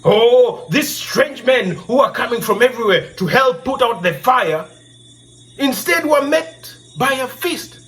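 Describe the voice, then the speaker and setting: A man's voice: very high-pitched, expressive, a little slow, a bit bright, a little hiss or hum. A man from Kenya hosting a storytelling show, telling a moral tale and pressing his point with repeated rhetorical questions.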